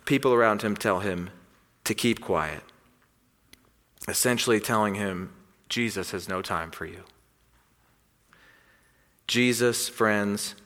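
Man, pastor, earnest sermon, bright ringing voice, long hall reverb. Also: fairly low pitch. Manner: swings between loud emphatic and hushed, earnest preaching.

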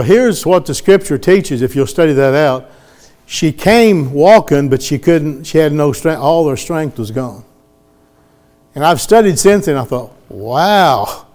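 A middle-aged preacher with a drawl tells a testimony from the pulpit in a folksy way. His voice sits a bit high for a man. He slips into the voices of the people he quotes. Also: a little mellow. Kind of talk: sermon testimony.

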